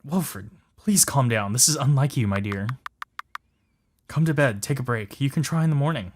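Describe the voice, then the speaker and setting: Gentle male lover read by a man, soft, coaxing, mid-pitched. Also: lively intonation, moderate pace, slight background noise, lightly acted. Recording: music playing behind.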